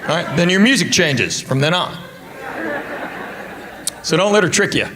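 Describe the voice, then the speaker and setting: High-voiced middle-aged man doing stand-up. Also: animated, normal speed. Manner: drawling, conversational storytelling with crowd asides. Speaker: stand-up comedian. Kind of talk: stand-up comedy routine. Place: comedy club stage with a live audience. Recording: live club recording with audience noise.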